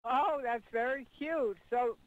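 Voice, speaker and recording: A woman's voice: sits high, slow pace. A woman calling in to a radio show, chatting in a bubbly, amused way. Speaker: caller. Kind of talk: phone-in chat. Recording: dull phone line with faint hiss.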